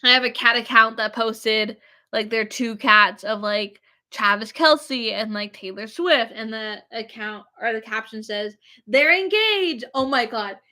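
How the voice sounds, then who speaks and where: A woman's voice: fairly high pitch, fairly even intonation, measured pace, sharp tone. A woman vlogger chatting casually and rambling, with lots of fillers. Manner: gushing, filler-heavy, rambling. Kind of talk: casual chat.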